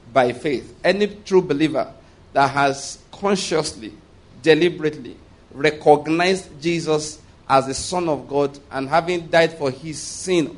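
Emphatic preacher, fairly high voice. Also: male voice. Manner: emphatic, calls for congregation responses. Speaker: pastor. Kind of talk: sermon. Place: church.

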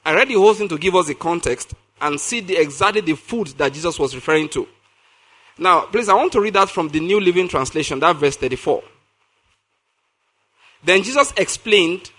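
A man delivers a sermon in a high, bright voice that carries an edge of tension. He reads scripture slowly and deliberately. He turns often to his listeners with questions. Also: animated. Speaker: preacher.

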